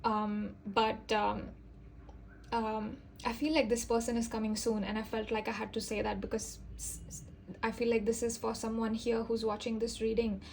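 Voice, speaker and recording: A woman talks softly through a tarot reading, her fairly high voice staying level and even as she reassures her listener. Her manner is earnest and gentle, full of little fillers. A faint hiss sits under the recording. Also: moderate pace, gravelly. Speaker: tarot reader. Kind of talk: intuitive tarot reading to camera.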